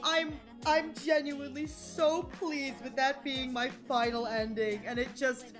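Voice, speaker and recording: Woman streamer, high bright voice, unhurried, emotional and gushing, faint game music behind. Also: fairly even intonation. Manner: gushing, emotional, repeats herself. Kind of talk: casual live-stream chat.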